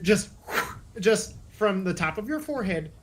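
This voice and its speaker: High-voiced, giggly male game master. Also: big pitch swings, measured pace. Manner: giggly, vivid gory descriptions. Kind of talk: narrating a tabletop game.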